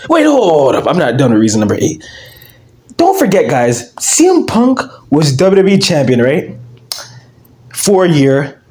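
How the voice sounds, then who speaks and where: A young man hosting his own channel, ranting in casual commentary, loud and excitable, swinging between shouting and mumbling. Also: a little high, unhurried. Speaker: channel host.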